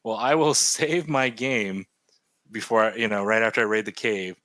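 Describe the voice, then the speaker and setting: A man's voice: on the low side, moderate pace, no room sound. A man in his thirties co-hosting a casual podcast, rambling animatedly about video games over a remote call. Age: 30s. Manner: rambling, animated gamer talk. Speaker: podcast co-host. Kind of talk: casual chat. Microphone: remote call mic.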